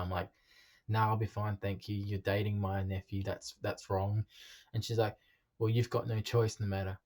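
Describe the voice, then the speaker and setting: A man telling his own life story in a halting, confessional way, with frequent ums and restarts. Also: lowish voice, level tone, darkish tone.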